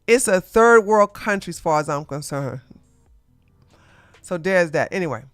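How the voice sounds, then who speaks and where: Streamer commentator, animated, talks back to chat, smooth close voice, faint music behind. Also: medium pitch, measured pace, dry recording. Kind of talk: live stream drama commentary.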